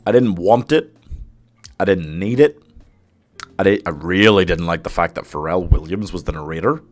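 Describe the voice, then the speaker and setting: A man's voice: deep voice, lively intonation, moderate pace. A man hosting a live stream, chatting casually, giving opinions and reading viewer comments aloud, laughing often. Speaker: streamer host ranking films.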